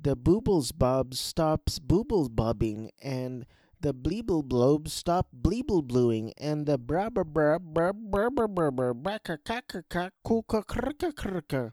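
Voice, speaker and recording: A man voicing an excitable male cartoon character who drags out nonsense syllables and rises high. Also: no echo, clean studio sound. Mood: excited babble. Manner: drawn-out babble of nonsense syllables, rising high.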